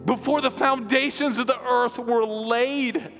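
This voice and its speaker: A middle-aged pastor preaching a passionate, emphatic sermon in a church, now and then dropping to a soft, hushed delivery. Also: male voice, extremely high pitch, fairly even intonation, a little slow, hardly any pauses. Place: church sanctuary. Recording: long hall reverb, music underneath. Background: music.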